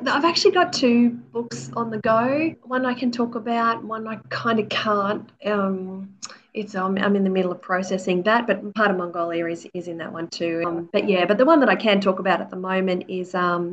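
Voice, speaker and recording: A woman's voice: mid-range voice, steady tone, normal speed, slight background noise. A woman in her forties, an author telling stories as a guest in casual interview chat, peppering her talk with "you know" and acting out quotes. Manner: chatty storyteller, many "you know"s, acts out quotes. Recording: slightly dull lo-fi audio.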